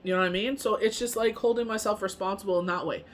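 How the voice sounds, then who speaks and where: Woman tarot reader, casual rambling delivery, mid-range pitch. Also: steady tone, fast talker. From Canada. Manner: rambling, heavy on fillers like "you know what I mean". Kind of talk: casual spoken monologue.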